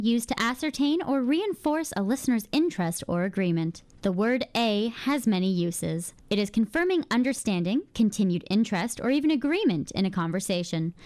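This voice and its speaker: A woman from Canada hosting a scripted radio feature in a studio, explaining in a lively way. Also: medium pitch. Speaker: radio host.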